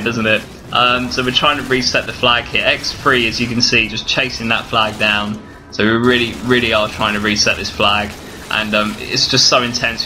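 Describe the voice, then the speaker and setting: A man giving excited, breathless commentary over his own gameplay, talking straight to his viewers. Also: lowish voice. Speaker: gaming video commentator.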